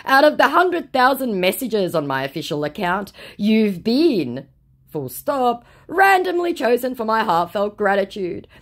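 A woman's voice: fairly high pitch, a little slow, pitched above the performer's own voice. A woman doing a gushing fake-celebrity male scammer. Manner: gushing, sugary scripted flattery. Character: male scammer posing as a film star.

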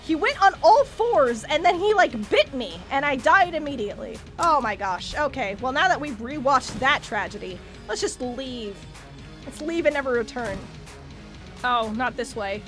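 A high, animated woman narrates her game run with theatrical despair and bursts of yelps. She talks at an unhurried pace, with game music playing clearly under her voice. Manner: dramatic, self-mocking, yelps and shrieks when panicked. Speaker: gaming streamer. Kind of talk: casual let's-play commentary.

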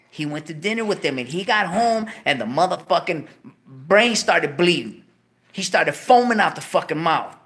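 A man hosting a show, telling a long profane story and breaking into high yelps of disbelief. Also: creaky, bright, forceful tone. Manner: swears constantly, bursts into high yelps of disbelief. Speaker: show host.

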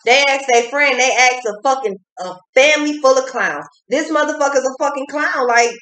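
A woman's voice: sits high, normal speed, fairly bright tone. A woman giving a casual tarot reading, talking bluntly with lots of swearing and repeating phrases for emphasis. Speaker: tarot reader. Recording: echoey room.

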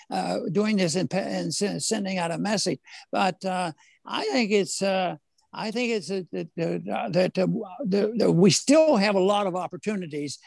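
High, gravelly older man, halting. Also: dry recording. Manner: halting, with many fillers and restarts, chuckling now and then. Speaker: former congressman, interview guest. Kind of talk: casual interview conversation.

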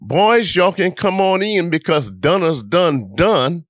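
A man's voice: medium pitch, animated, slow, no room sound, clean studio sound. An older man voicing a patient mother telling her boys dinner isn't ready.

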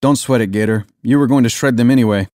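Man playing a work-shy cop, whiny, laid-back, higher voice, dry sound. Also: fast talker, a little mellow, no room sound, lightly acted. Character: sly, work-shy male police officer.

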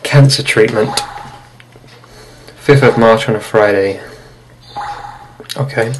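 Over horror game music and some background noise, a man offers casual gameplay commentary, joking around and jumping at scares. He speaks slowly with a fairly low pitch.

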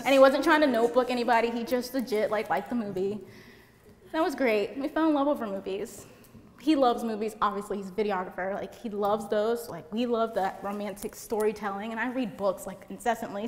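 A loud, chatty woman from Puerto Rico giving a seminar talk to photographers, using a handheld mic and saying "like" a lot. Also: a little high, big-room sound. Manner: chatty, lots of "like". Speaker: seminar speaker. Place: seminar room with an audience.

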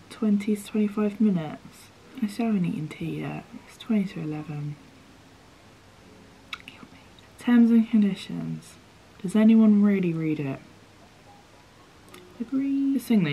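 A woman's voice: fairly low pitch, mellow, a little hiss or hum. A young woman in a casual unboxing vlog, chatting and swearing casually, and often dropping to a whisper as she reads the screen aloud. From United Kingdom. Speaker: vlogger.

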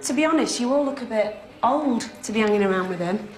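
A woman's voice: fairly high pitch, animated, quick pace, faint music behind, close to an everyday voice. An actress playing a protective mother in a film, speaking firmly and directly. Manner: firm, direct, polite. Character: protective adult mother, firm but friendly. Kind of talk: film drama acting. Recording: roomy echo.

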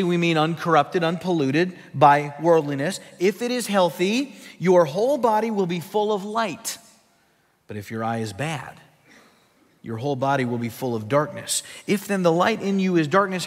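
A male pastor delivers an emphatic teaching sermon from scripture in a fairly high voice. His words ring out through a church sanctuary with a long reverb.

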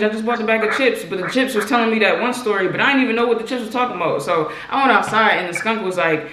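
In rapid-fire bursts with few pauses, this channel host speaks in a bright, forceful mid-range voice. The young adult vlogger laughs and chats playfully while inventing rambling nonsense tales during prank calls, in an echoey room with a faint hiss.

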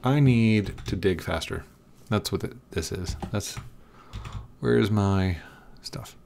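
A man with a lowish, gravelly voice narrates his gameplay casually. He keeps repeating short commands with frustrated coaxing. Faint noise and keyboard clicking sit under his voice. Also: takes it slowly, a little mellow. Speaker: gaming video creator. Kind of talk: casual Minecraft commentary.

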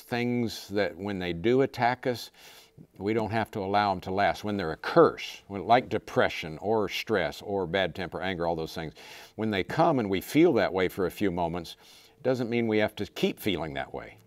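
A man's voice: sits low, lively intonation, normal speed, no echo. A man preaching a sermon as a pastor, emphatic, piling up repeated lists and growing more intense.

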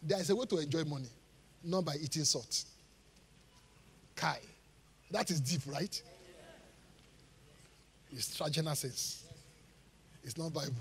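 A man preaching a live sermon as pastor, animated, asking the congregation rhetorical questions and laughing between points. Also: on the high side, unhurried, pauses often, a little hiss or hum. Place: large church hall. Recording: live church sermon with long hall reverb.

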